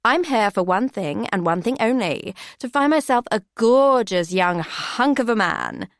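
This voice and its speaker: Brief: woman playing a brash, theatrical older woman with a put-on posh voice, higher and louder than the narrator. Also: very animated, measured pace, dry recording, studio quality, exaggerated voice. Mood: showy loud.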